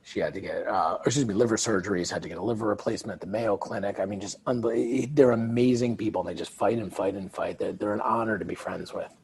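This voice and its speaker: A man's voice: on the low side, fast, vocal fry, few pauses, breathy edge. A man who is a guest author in an interview, telling stories and acting out quoted dialogue. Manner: animated storyteller, acts out quoted dialogue. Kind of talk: conversational interview.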